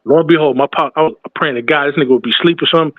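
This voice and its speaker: A man with a high voice tells a story in a lively way and plays the other people's voices. The sound is tinny and dry, like a phone line. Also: rapid-fire, dry recording. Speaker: podcast host. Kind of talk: casual storytelling.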